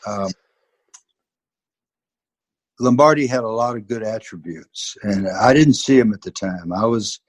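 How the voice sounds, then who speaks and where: A man's voice: on the low side, a little slow, pauses often, no echo. A man in his seventies with a Southern US accent, telling stories from his career earnestly and emphatically as an interview guest. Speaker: guest, former football player and coach. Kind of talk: interview, personal storytelling.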